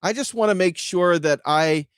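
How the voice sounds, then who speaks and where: A man hosting a casual explainer talk, telling stories in an animated, conversational way. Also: sits high, normal speed, clean tone, dry recording, studio quality. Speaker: host.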